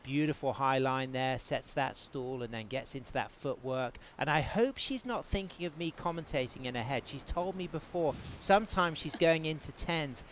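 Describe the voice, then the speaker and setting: A man's voice: mid-range voice, moderate pace, few pauses, fairly bright tone, a little hiss or hum. English man commentating live surf.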